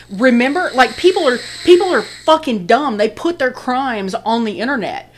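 A woman with a fairly high voice that swings widely in pitch, talking on a casual podcast. She is blunt and opinionated and swears freely. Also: expressive, moderate pace, hardly any pauses. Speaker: podcast co-host. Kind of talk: casual chat.

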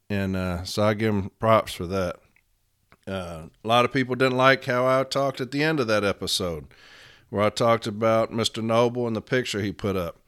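A man's voice: on the low side, moderate pace, fairly bright tone, clear, resonant tone, no echo, studio quality. A man hosting a talk show, speaking bluntly and plainly to his listeners in a casual way. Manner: blunt, plain-spoken, says it straight. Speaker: podcast host.

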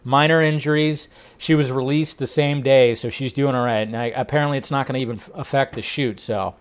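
A man hosting a casual entertainment news talk, animated and rambling, laughing often. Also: mid-range voice, brisk, clean tone. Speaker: host.

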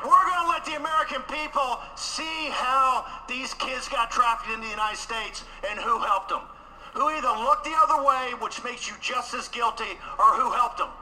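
Man, fiery rally speech, very high voice, piercing bright tone, shouts for emphasis. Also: normal speed, a little hiss or hum, rough recording. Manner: fiery, combative, rising to shouts; repeats phrases for emphasis. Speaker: conference speaker.

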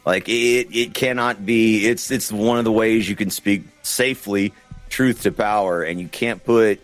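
A man's voice: fairly low pitch, fairly even intonation, unhurried, faint music behind. A man from the Southeastern US co-hosting a podcast, speaking earnestly and opinionated in casual chat. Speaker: podcast co-host.

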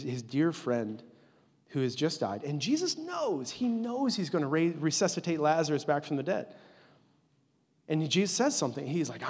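A man in his forties preaches a sermon with an earnest, conversational delivery, slipping into a near-hush at tender moments. His voice sits a little high and has a husky edge. The sound carries the long reverb of a large hall. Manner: earnest, conversational, with many "like" fillers, dropping to a hush at tender points. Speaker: pastor.

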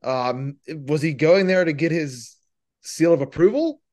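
A man co-hosting a podcast, chatting casually and firing off animated rhetorical questions. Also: a little high, a little slow. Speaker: podcast co-host. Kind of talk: casual political chat.

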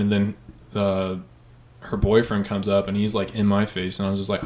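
A young man telling a long, profane story in a casual podcast chat, animated and swearing freely. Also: on the low side, fairly quick, roomy sound.

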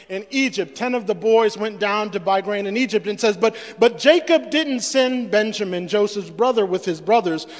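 A male pastor preaching a sermon, stumbling over repeated words and acting out the voices of the scripture. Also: high-pitched. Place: church sanctuary. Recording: long reverb in a church hall.

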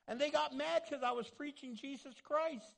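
A man's voice: extremely high pitch, normal speed, creaky, pitched above the performer's own voice. A man voicing the apostle Paul as a joyful, defiant prisoner, proclaiming emphatically.

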